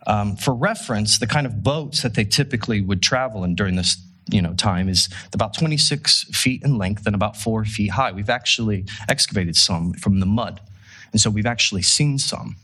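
A man preaching a casual, conversational sermon, telling a story with rhetorical questions and an animated delivery. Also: on the low side, normal speed, slightly rough. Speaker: pastor.

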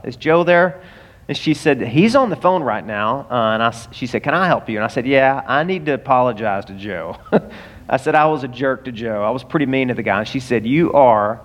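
A male pastor telling a personal story in a sermon, acting out both sides of a phone call in an animated way. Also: medium pitch. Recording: long hall reverb.

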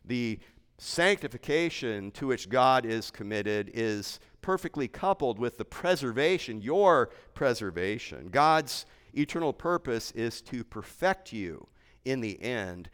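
A man's voice: medium pitch, lively intonation, a little slow, a bit bright, clear, resonant tone, big-room sound. A man preaching a sermon as a pastor, earnest and emphatic, driving his points home with repeated phrases.

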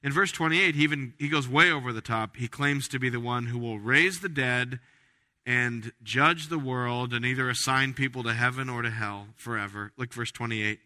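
A man's voice: mid-range voice, normal speed, bright, forceful tone. Pastor guy preaching, punchy and emphatic, lots of restarts, big echoey church. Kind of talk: sermon. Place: church sanctuary. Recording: reverberant church hall.

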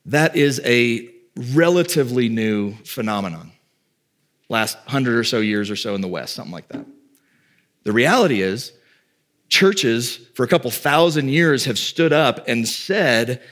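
A male pastor delivering a sermon in an easy, conversational way, leaning into key lines and then tossing off wry little asides. His voice sits at an ordinary male pitch, neither deep nor high. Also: lively intonation, a bit bright. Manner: conversational preaching with quick asides.

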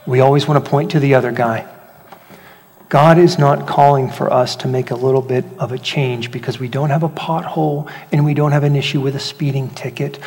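A man preaching a sermon as pastor, animated, swinging between loud rhetorical questions and hushed emphasis. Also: fairly high pitch, fairly quick. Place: church hall. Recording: long hall reverb.

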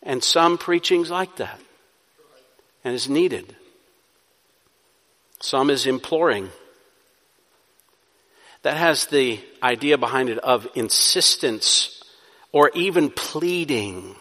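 A man preaching a sermon as pastor, moving between soft, pleading passages and loud, urgent exhortation. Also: mid-range voice, animated, takes it slowly, long pauses, big-room sound.

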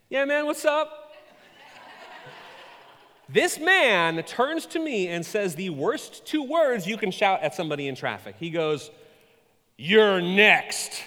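A man preaching a sermon, telling stories with animated, self-mocking humor. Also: fairly high pitch, brisk, few pauses, big-room sound. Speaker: pastor.

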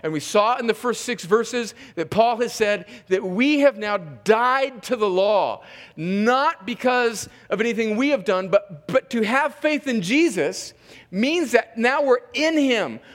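A man's voice: very high voice, lively intonation, a little slow, big-room sound. A man preaching a sermon in an emphatic way. He reads scripture aloud, comments between the verses and often repeats words while he rephrases. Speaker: pastor. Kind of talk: expository sermon.

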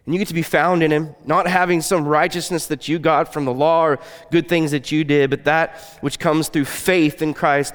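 Male preacher, earnest conversational sermon, smooth resonant voice, long hall reverb. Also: a little high. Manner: earnest, conversational preaching with soft, quiet stretches. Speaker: pastor.

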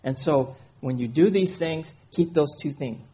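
Husky-voiced man preaching a sermon. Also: fairly high pitch, measured pace, dark tone. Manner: conversational preaching, checks in with listeners, chuckles at himself. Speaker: pastor.

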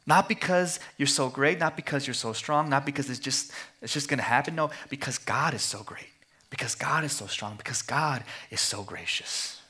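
A man preaching a sermon at a missions conference, passionate and rhythmic, repeating phrases and dropping to hushed tones. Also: mid-range voice, normal speed. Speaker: guest preacher.

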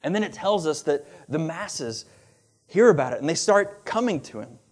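A man preaching a sermon in a conversational, animated way, with asides and laughs. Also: fairly high pitch, moderate pace, breathy edge. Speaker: pastor.

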